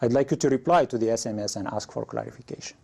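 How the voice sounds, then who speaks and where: A man's voice: medium pitch, racing, vocal fry, a little mellow, slightly rough. A man teaching an English lesson, reading out example situations and asking his learners what they would say. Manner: reads example prompts aloud, asks learners questions. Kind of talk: classroom lesson.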